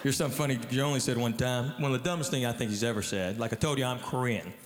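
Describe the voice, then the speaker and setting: A man's voice: medium pitch, fast talker. Man doing echoey live stand-up. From Tennessee, US. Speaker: stand-up comedian. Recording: echoey hall, live stage ambience.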